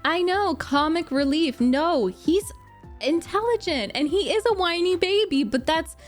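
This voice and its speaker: A young woman streamer chatting casually with live viewers, gushing, animated and laughing often as she answers their comments. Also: extremely high pitch, a little slow, soft background music. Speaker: streamer reacting to a book series.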